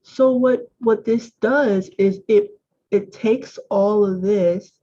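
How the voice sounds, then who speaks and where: Slow, chatty woman trainer. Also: medium pitch, dark tone, muffled recording, a little hiss or hum. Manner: chatty, self-correcting, many fillers. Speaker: software trainer. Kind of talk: screen-share tutorial.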